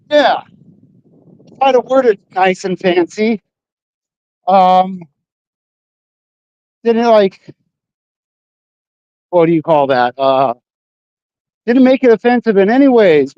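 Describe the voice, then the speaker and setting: A man with a high voice chats casually to his stream while out on the streets at night. He rambles, swears freely and leans on fillers. The sound is dull and lo-fi, dry and close. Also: darkish tone, clear, resonant tone, no room sound. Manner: rambling, profane, full of fillers. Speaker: livestreamer. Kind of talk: casual livestream chat. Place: outdoors on city streets at night.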